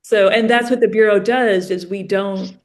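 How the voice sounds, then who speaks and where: A woman's voice: mid-range voice, normal speed. A woman, a podcast guest, telling stories in casual conversation and acting out the dialogue. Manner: animated, acts out dialogue in stories. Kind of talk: conversational storytelling.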